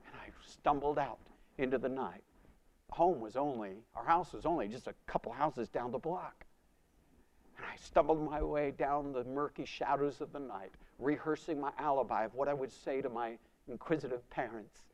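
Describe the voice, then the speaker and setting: A man preaching a sermon and telling his testimony as a dramatic story, swinging from loud to hushed. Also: medium pitch, a little slow.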